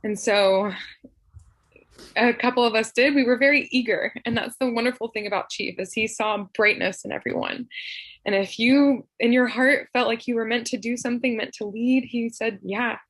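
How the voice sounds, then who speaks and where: A woman from Tennessee giving a heartfelt personal remembrance over a video call, speaking softly and haltingly with frequent laughter. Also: a little high, steady tone, dry recording. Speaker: memorial speaker.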